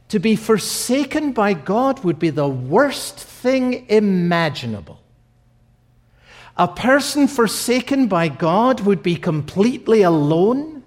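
A man preaching a sermon, slow and emphatic, repeating key phrases for weight. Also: sits high.

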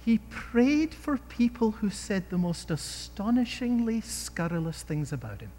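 A man's voice: high-pitched, big pitch swings, a little slow, warm tone, in a large hall, slight background noise. A man preaching a sermon in an emphatic way, often asking his listeners rhetorical questions.

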